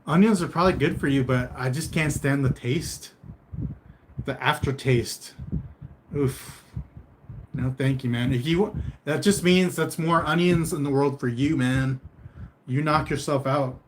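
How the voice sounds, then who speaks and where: Over a noisy background, a man with a medium-pitched voice chats casually with livestream viewers at an unhurried pace. He reads their comments aloud and answers in a meandering, laid-back way, with mild humor.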